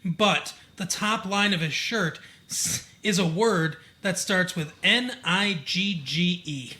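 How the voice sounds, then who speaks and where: A Michigan man co-hosts a podcast, recapping a TV episode in a chatty, wandering way packed with fillers. His voice sits high and sounds pushed and bright, and he speaks slowly.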